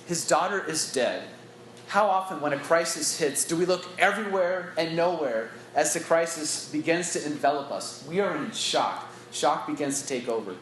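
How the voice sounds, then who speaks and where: A man's voice: on the high side, animated, normal speed, a bit bright, echoey room, slight background noise, rough recording. A man giving an earnest, reflective Bible teaching to church staff, talking conversationally, recorded on a phone in a meeting room.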